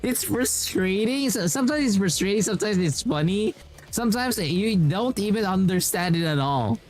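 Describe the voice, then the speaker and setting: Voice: medium pitch, expressive, normal speed, a little mellow, faint music behind. A game streamer chatting casually while playing, rambling and acting out what other people say. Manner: rambling, acts out quoted speech. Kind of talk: casual chat while gaming.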